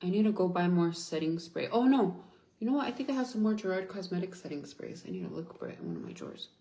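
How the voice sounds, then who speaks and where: Talking fast with huge pitch swings, the livestream host has a lowish, dark voice in a roomy space. She's a young woman angrily venting and cursing as she reads and replies to viewers in casual chat.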